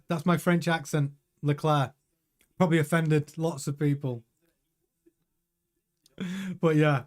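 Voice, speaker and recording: A chatty man with a slightly higher-than-usual voice talks casually through a live watch-along stream. He sounds excitable and often turns to answer viewers' messages. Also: takes it slowly, long pauses. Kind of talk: casual live race commentary.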